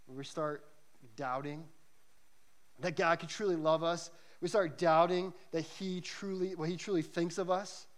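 A man preaching a sermon to a church congregation, earnest and emphatic, telling stories to make his points. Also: on the high side. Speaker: pastor. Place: church service.

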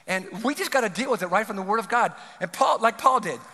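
Man, pastor, earnest pleading sermon, high pitch, long hall reverb. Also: lively intonation, quick pace, hardly any pauses, pushed and bright. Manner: earnest, pleading preaching with rising emphatic peaks. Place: large church hall.

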